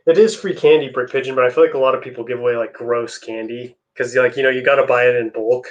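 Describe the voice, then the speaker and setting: A man's voice: medium pitch, fast talker, lo-fi sound. A young man hosting a live stream, chatting casually with viewers while he builds. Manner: relaxed, chatty, answers chat messages.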